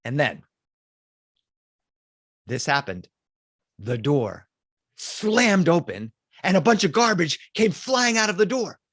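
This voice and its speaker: A man telling a spooky story for children, animated, swinging between loud cries and hushed lines. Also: on the high side, slow pace, long pauses, no echo, clean studio sound.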